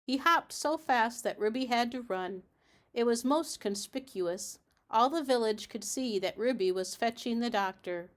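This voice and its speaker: A woman from a library reading a children's storybook aloud in a steady, measured way. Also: fairly high pitch.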